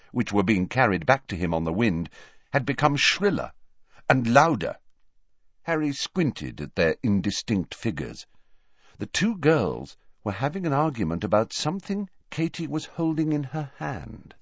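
Animated male audiobook narrator. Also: fairly low pitch, normal speed, dry recording, dull audio. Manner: expressive storytelling, voicing characters. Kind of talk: scripted narration.

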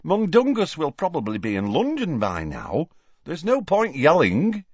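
A man voicing a calm, unruffled young woman witch speaking unhurriedly. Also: fairly high pitch, measured pace, breathy edge, no room sound, lo-fi sound, voice pushed up, heavily acted.

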